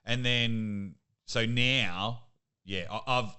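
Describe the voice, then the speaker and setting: A young Australian man, a sports commentator, chatting casually as a podcast guest and telling lively stories. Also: mid-range voice, drawn-out words, clean tone. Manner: lively storyteller, laughs at himself. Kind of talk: casual interview chat.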